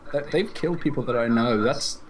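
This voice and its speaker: A man's voice: mid-range voice, fairly quick. A young English man with an English accent, co-hosting a podcast in jokey banter that breaks into laughter. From England. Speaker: podcast host. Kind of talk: casual chat. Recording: noisy background hiss.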